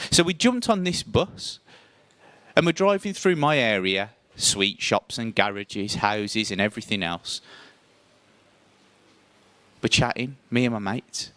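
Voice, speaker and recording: Animated male storyteller, dry sound. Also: medium pitch, measured pace, pauses often, no echo. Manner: animated, voice jumps up when acting out scenes. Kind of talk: live first-person storytelling performance.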